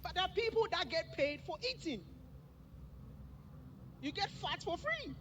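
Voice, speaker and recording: A man's voice: extremely high pitch, sing-song, unhurried, a bit bright, slight background noise. Joking man giving a motivational speech. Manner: joking, addresses the crowd directly. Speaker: speaker at a summit.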